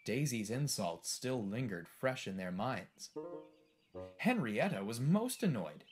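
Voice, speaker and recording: A man narrates a storybook in an expressive, animated way. His voice sits at a middling pitch and rises and falls constantly. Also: takes it slowly, soft background music.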